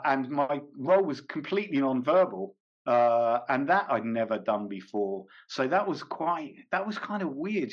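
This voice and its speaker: A man being interviewed as a comedian and actor, talking casually and hesitantly with many fillers, restarts and small laughs. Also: medium pitch. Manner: rambling, hesitant, frequent fillers and self-corrections, laughs often. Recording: dull lo-fi recording.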